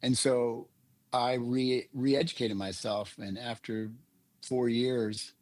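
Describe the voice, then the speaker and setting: A man's voice: mid-range voice, little pitch movement, takes it slowly, darkish tone. An older man talking earnestly as a guest coach in an interview, explaining ideas through analogies. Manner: earnest, uses images and analogies. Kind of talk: reflective interview talk.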